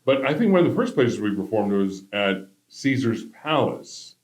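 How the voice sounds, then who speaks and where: A man hosting a talk show in casual chat with a guest, playful and quick to laugh. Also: on the low side, big pitch swings. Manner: playful, laughs often, jokes. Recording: roomy studio echo.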